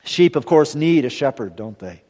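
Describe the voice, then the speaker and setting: A man preaching a sermon earnestly, building to emphatic lines and then dropping to a hushed close. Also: on the high side, animated, normal speed, big-room sound.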